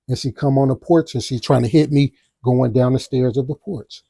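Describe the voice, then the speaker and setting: A podcast host tells a personal story in a gravelly, husky voice. He is animated and adds spoken sound effects. The recording is dry and close. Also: mid-range voice, normal speed, hardly any pauses, no room sound. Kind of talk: casual storytelling.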